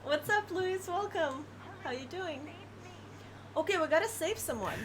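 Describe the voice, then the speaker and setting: High-voiced giggly woman streaming a game. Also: lively intonation, a little slow, background noise. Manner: giggly, chatty while playing. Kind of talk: casual game-stream chat.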